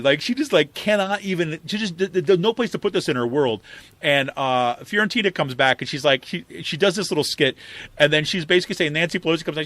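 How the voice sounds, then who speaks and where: A man's voice: on the high side, fast, a bit bright, no echo. A man co-hosting a political podcast, chatting casually and rambling with lots of fillers. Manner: rambling, many fillers and asides. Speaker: podcast co-host.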